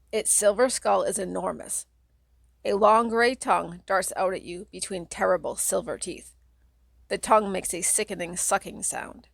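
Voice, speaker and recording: A woman narrates a children's horror book in the second person, dramatic and steady. Her voice carries a gravelly fry, at an ordinary pitch for a woman. The recording is dry and close. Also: no room sound. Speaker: audiobook reader.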